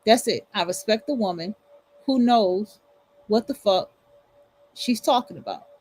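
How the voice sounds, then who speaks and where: Husky-voiced woman ranting bluntly. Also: mid-range voice, lively intonation, measured pace, a little mellow, faint music behind, poor audio. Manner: blunt, profane, emphatic repetition. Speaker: livestream host. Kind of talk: casual ranting commentary.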